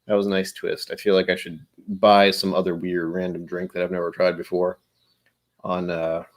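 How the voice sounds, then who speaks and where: A man's voice: sits low, level tone, moderate pace. Tired, rambling man hosting a livestream. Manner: rambling, self-deprecating, reads out viewer names. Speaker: livestream host. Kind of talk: casual live-stream chat.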